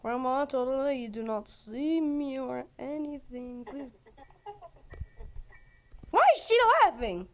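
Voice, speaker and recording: A woman giving excited gameplay commentary, jumping between loud outbursts and hushed whispers. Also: high voice, measured pace, long pauses, lo-fi sound, slight background noise. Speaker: game player.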